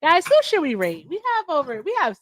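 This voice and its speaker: A woman's voice: high voice, very animated, fairly quick, fairly bright tone, no echo. A woman hosting a livestream in casual chat, chatty and effusive as she thanks her viewers. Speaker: livestream host.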